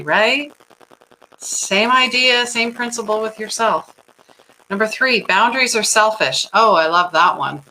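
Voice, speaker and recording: Middle-aged lady host, chatty, laughs a lot, bright sharp voice, lowish pitch. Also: a little hiss or hum, low-quality recording. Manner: chatty, animated, laughs often, says "right?" a lot. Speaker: host of a livestream on personal growth. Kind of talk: casual talk to viewers, reading comments.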